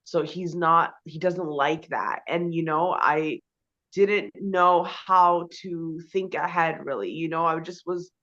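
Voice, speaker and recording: A woman with a bright, forceful voice rambles through her answers as an interview guest, loaded with fillers and swearing. The audio is dull and lo-fi. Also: deep voice, slow pace. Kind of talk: casual conversation.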